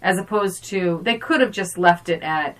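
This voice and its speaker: Bright-voiced woman, eager reactions. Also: lowish voice. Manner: reactive, quick agreeing interjections. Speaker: podcast co-host. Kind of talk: casual movie chat.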